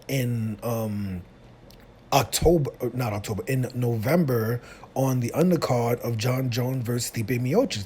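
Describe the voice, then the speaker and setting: A man of middle pitch talks loosely on his own, circling back and restarting his sentences as he goes. A faint noise sits under the recording. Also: a little mellow. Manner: rambling, many fillers and restarts. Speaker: YouTube commentator. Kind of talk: casual solo commentary.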